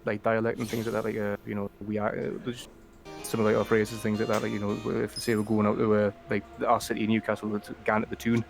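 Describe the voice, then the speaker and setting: A man's voice: lowish voice, completely flat delivery, quick pace, gravelly, soft background music. Rambling Geordie man. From Northern England. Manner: rambling, filler-heavy talk. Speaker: streamer. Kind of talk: casual chat.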